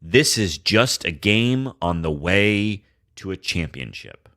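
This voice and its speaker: A man's voice: low-pitched, big pitch swings, slow pace, a bit bright. A man co-hosting a sports podcast, rambling casually with frequent restarts and swearing. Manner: laid-back, profane, rambling with restarts. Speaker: podcast co-host.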